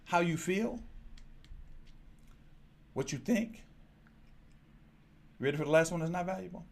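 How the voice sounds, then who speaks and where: A man's voice: high-pitched, measured pace, gravelly. A man preaching a sermon, speaking straight to his congregation and moving a handheld microphone as he goes. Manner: lively preaching, direct address to congregation. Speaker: pastor.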